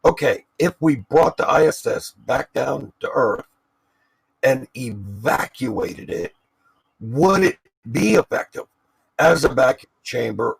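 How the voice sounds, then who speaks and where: A man from Washington D.C. talks in a crude, teasing way on a voice chat. His voice is heavily gravelly and husky. The sound is dry and close. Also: medium pitch, no echo, rough recording. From Southeast Washington D.C. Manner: crude, teasing, then lengthy questioning. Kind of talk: casual profane debate chat.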